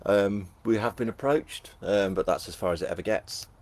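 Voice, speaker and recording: Husky chatty Northern English man. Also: lowish voice, moderate pace. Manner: chatty and jokey, self-deprecating, with bursts of excited enthusiasm. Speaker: author hosting a live book launch. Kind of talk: casual live-stream chat reading comments.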